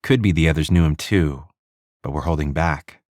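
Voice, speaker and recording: A man's voice: very deep voice, moderate pace, a little mellow, dry recording, clean studio sound. A man voicing Di, a blunt tough woman soldier. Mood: wry. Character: tough female ex-Army soldier, dry and blunt.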